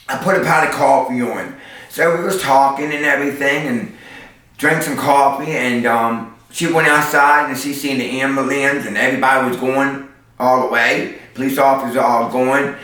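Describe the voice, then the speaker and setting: A man's voice: mid-range voice, steady tone, normal speed, bright, forceful tone. A man who works as a street performer, telling stories in an interview in a sassy way and using sound effects. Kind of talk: storytelling interview. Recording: echoey, mic far off.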